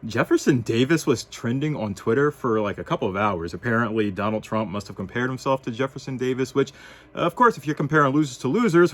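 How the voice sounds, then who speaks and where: A man from the United States, giving wry, sarcastic opinion commentary in a casual vlog. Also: mid-range voice. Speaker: vlogger.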